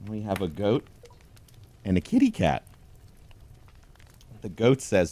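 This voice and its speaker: A man reading a pun picture book aloud as a comic bit, in a mock-solemn deadpan way, talking to a toy penguin. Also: lowish voice, slow pace. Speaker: host. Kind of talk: deadpan comedic storybook reading.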